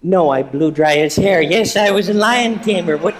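A man playing a pompous old showbiz magician on stage, answering with halting deadpan nonsense in an improvised comedy bit. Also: high voice, close to an everyday voice. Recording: reverberant live stage recording.

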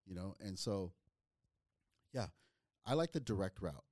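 A man's voice: low-pitched, animated, unhurried, a little mellow, no echo, clean studio sound. A man from Northern California, a comedian guest, telling stories in a blunt, direct way with casual cursing. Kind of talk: casual storytelling.

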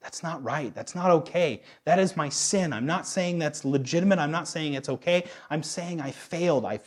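A man's voice: fairly high pitch, normal speed. A man in his thirties preaching a sermon as a pastor, candid and self-deprecating, often restarting his sentences. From United States.

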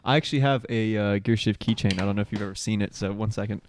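A man's voice: on the low side, fast, slight background noise. A young man co-hosting a podcast, joking around, playfully stubborn and laughing often. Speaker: podcast co-host. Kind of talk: casual chat.

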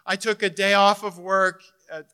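A middle-aged man preaching a sermon as pastor, telling a personal story and swinging between loud emphasis and hushed, intimate moments. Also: high voice, level tone, moderate pace, smooth.

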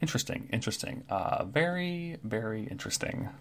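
A man's voice: medium pitch, lively intonation, fairly quick, a bit bright, voice pushed up. A man voicing a twitchy, birdlike male kenku who keeps muttering the same words to himself. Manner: repeats phrases, mutters to himself.

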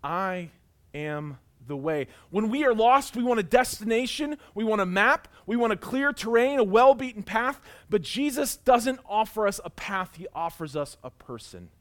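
A male pastor preaching a sermon and telling a personal story, earnest, rising to loud emphasis and dropping to quiet intensity. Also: very high-pitched, expressive, normal speed, hardly any pauses.

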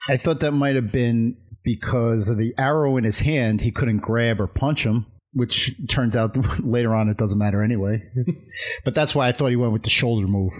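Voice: mid-range voice, normal speed. A podcast co-host chatting casually about a movie and laughing easily.

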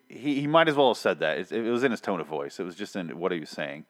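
A man's voice: lowish voice, expressive, fairly quick. A man hosting a podcast, chatting casually in a rambling, self-deprecating way. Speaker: podcast host.

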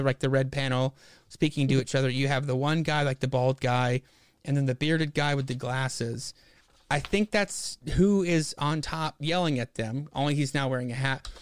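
A man's voice: fairly high pitch, smooth, no echo, studio quality. A man chatting casually about a comic book on a podcast, rambling and profane, full of fillers. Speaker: podcast co-host.

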